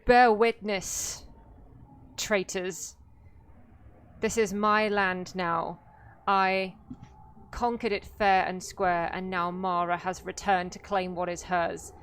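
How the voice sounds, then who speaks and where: A woman doing a gruff tyrant warlord. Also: medium pitch, steady tone, slow pace, pauses often, a bit bright. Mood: menacing. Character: gruff male tyrant conqueror, menacing and arrogant.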